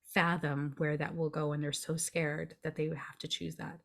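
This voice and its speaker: Brief: low-pitched woman, grief coach, calm step-by-step explainer on a podcast. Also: normal speed, gravelly. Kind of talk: podcast conversation.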